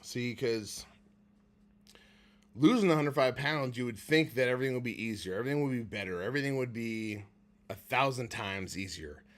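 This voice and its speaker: A man talking live about his recovery in a heartfelt, candid way, at times choked up and pausing to sigh. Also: mid-range voice, a bit bright. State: emotional, near tears. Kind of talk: emotional personal livestream talk.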